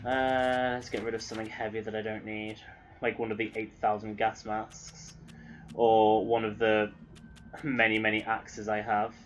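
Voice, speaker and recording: A man's voice: on the low side, completely flat delivery, moderate pace, slight background noise, low-quality recording. An English man giving rambling, casual commentary while streaming a video game, swearing now and then. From England.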